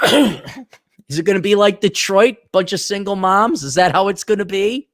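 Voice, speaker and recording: Gravelly, animated man ranting sarcastically. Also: high voice, normal speed, dry recording, clean studio sound. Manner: sarcastic, rambling, mocking. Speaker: livestream host reading viewer donations. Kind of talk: casual livestream rant.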